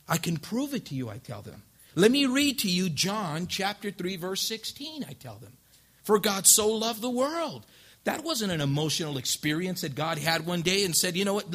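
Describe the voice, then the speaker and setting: A male pastor preaching a lively sermon, acting out the couples he counsels and rising to loud emphasis. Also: high voice, slightly rough.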